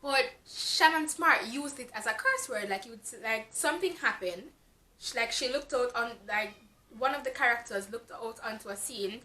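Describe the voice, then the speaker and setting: In an echoey room, a Jamaican-accented woman from Jamaica speaks at a moderate pace in a sharp, fairly high voice. She reviews a book casually, exasperated and candid, using lots of fillers.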